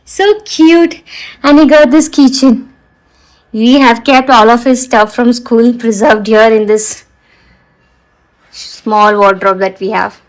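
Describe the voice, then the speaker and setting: High-voiced woman with an Indian accent. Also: slow pace, long pauses, low-quality recording. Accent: Indian English. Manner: chatty, coaxing her toddler, asides to viewers. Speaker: vlogger and mother. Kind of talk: casual home vlog.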